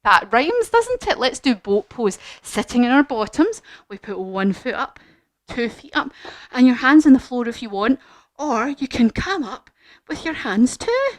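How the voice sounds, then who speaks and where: A woman leading a children's yoga lesson as a story, animated and encouraging. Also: fairly high pitch, a little slow, dry recording. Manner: animated, encouraging, sing-song. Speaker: kids yoga teacher.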